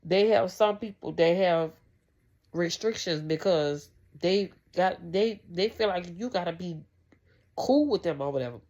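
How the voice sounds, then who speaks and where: Low-voiced woman with a gravelly edge. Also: unhurried, darkish tone, highs cut off. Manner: rambling, heartfelt, many "like"s and restarts. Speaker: vlogger. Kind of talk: casual faith talk to camera.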